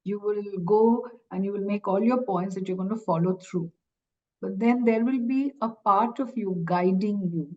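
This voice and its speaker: A woman's voice: medium pitch, normal speed, mellow. A woman hosting a podcast interview, asking her guest questions thoughtfully with hesitant fillers. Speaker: podcast host. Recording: slightly dull, lo-fi sound.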